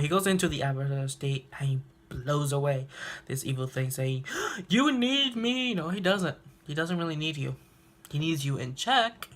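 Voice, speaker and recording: A young reaction video host with a slightly high, somewhat bright voice casually recaps a cartoon episode on a handheld phone recording. He laughs often and acts out the characters' lines.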